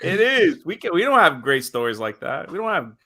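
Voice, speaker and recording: Bright-voiced American man telling stories. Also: on the high side, sing-song, a little fast. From United States. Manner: chuckling, rambling anecdotes. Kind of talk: casual storytelling.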